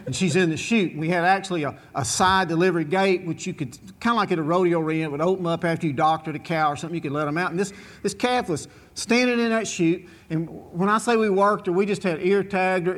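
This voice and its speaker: A man telling a comic story to a live audience in a folksy, animated way, full of asides. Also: sits high, brisk, hardly any pauses.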